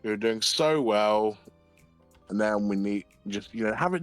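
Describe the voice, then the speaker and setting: A young British man co-hosts a stream, telling stories in a casual, giggly way full of swearing and laughter. His voice sits on the low side and he speaks a little slowly. The recording is dry, with faint music in the background.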